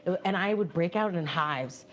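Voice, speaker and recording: A woman hosting a live stream, chatting casually with viewers while walking on a treadmill, animated and often laughing. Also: lowish voice, brisk. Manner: animated, laughing, reads viewer messages aloud and answers them. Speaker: livestream host reading chat. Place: home, indoors on a treadmill.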